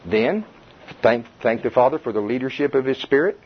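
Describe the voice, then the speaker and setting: A man's voice: medium pitch, lively intonation, normal speed, slight background noise. A man leading an informal Bible study for a small group indoors, talking in a folksy way with lots of repetition and restarts, and often checking with his listeners. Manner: folksy, repeats himself, restarts, questions the group. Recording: dull, lo-fi recording.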